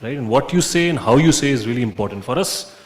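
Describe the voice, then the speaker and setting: A man's voice: medium pitch, expressive, quick pace. A man who speaks as a brand marketer on a conference panel, making firm, emphatic points and repeating key phrases. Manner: firm, emphatic statements with repetition. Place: conference venue.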